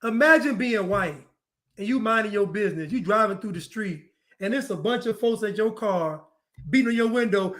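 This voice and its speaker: High-voiced man with a mocking preachy edge. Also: animated, brisk, fairly bright tone. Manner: preachy and mocking, acts out other people's lines; repeats phrases for emphasis. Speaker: commentator. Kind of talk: monologue commentary.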